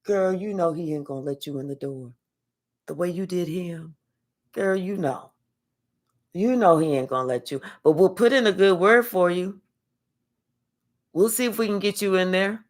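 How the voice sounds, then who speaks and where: A woman's voice: lowish voice, moderate pace, long pauses, darkish tone. A woman giving a spiritual reading as a blunt, sassy storytelling monologue full of slang. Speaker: spiritual reader.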